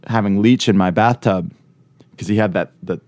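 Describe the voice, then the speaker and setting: A man's voice: on the low side, moderate pace, a little mellow, dry recording. A man co-hosting a podcast in casual chat, joking, laughing often and acting out quotes. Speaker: podcast co-host.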